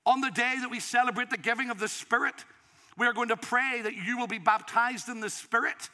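A man preaching with a very high, forceful, bright voice, pleading and emotional. He delivers an impassioned sermon to his congregation in a church, pressing each point with emphasis. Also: brisk, big-room sound. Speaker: pastor. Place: church in the city.

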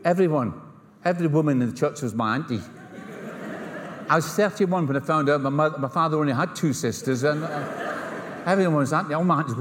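A middle-aged man with a Scottish accent delivers a sermon in a slightly raised pitch, spinning stories with wry humor and voicing the people in them. His words carry a long reverberant tail from the large hall around him. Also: quick pace. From Scotland. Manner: storytelling, humorous asides, acts out dialogue. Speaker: pastor.

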